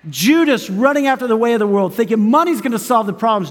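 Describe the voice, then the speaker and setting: A man preaching a sermon as pastor. His delivery is emphatic, swinging from loud urgency to hushed intimacy, and he chuckles between phrases. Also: very high voice, lively intonation, fast talker, hardly any pauses. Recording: long reverb of a large hall.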